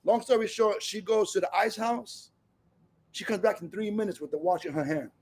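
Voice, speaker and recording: High voiced guy sharing at a recovery meeting, passionate, repeats himself a lot. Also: normal speed, darkish tone, slightly rough. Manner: passionate, repetitive storytelling. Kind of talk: personal share at a recovery meeting.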